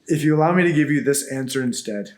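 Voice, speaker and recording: Middle-aged man, podcast guest; animated, playful storyteller, casual. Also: mid-range voice, quick pace, a little hiss or hum. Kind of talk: casual interview talk.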